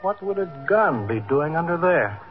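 An actor playing a shifty robbery suspect in a 1950s radio drama, answering in a defensive, evasive way. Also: male voice, a little high, sing-song, moderate pace. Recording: muffled old radio broadcast with faint music.

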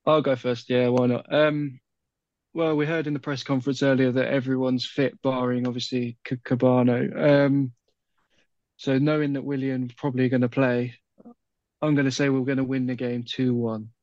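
Flat-voiced man, dull dry sound. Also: mid-range voice, moderate pace, dry recording. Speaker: podcast co-host. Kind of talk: casual interview chat.

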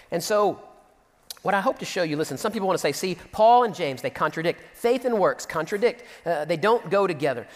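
A man preaches with a high, lively voice, reading scripture and breaking into animated asides. His sermon rings through a church hall with a long reverb tail. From Central Texas. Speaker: pastor.

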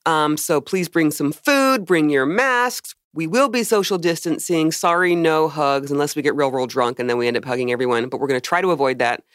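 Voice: mid-range voice, fairly quick, hardly any pauses, a bit bright, no echo. A podcast co-host in casual chat, making announcements and dry, matter-of-fact jokes. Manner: wry, matter-of-fact joking.

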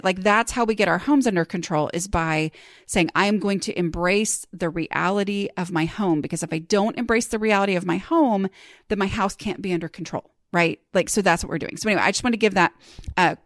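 A woman's voice: mid-range voice, brisk, no echo, clean studio sound. A woman hosting a podcast, chatty and self-deprecating, with rambling asides. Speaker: podcast host. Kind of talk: casual podcast chat.

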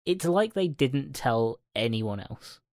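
A man co-hosting a casual film chat podcast, relaxed and hedging, often laughing along with the others. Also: mid-range voice, slow pace, dry recording, studio quality. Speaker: podcast co-host.

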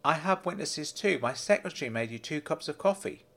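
A man's voice: fairly high pitch, expressive, fairly quick, creaky, a bit bright, pitched above the performer's own voice. A man voicing a polite, deferential male bank manager in a storybook reading. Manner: courteous, deferential, apologetic.

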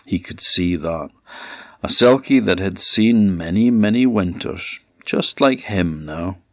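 Orkney storyteller, man, low and slow, measured folk-tale telling. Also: animated, no echo. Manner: measured, repetitive oral telling with dramatic pauses.

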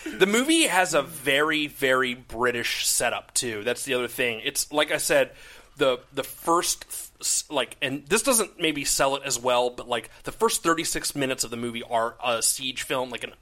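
A man casually recapping a film on a podcast, excited, swearing and acting out characters' lines. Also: mid-range voice, moderate pace. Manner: enthusiastic, swearing, acts out quotes. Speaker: podcast co-host. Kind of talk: casual movie discussion.

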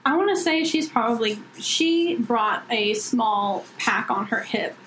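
A woman's voice: on the high side, lively intonation, measured pace, a bit bright. A woman player in a tabletop game, talking in a hesitant, chatty way. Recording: echoey room, faint noise.

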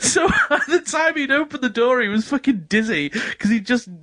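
A man, his voice high for a man, tells stories with lots of laughter. The sound is dry and close, with no room echo. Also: normal speed. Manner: animated storytelling with frequent laughter. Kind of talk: casual chat.

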